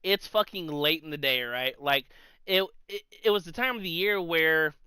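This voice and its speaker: A young man telling an animated story on a casual podcast, swearing as he goes. His voice is high and smooth, recorded dry and close with a bright edge. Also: normal speed, no room sound. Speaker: podcast co-host. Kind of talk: casual chat.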